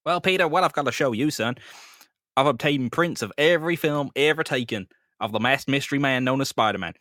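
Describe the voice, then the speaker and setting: A man's voice: mid-range voice, brisk, sharp tone, no room sound, clean studio sound, natural voice. A man voicing a folksy, leering older police captain who keeps calling people son. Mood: coaxing.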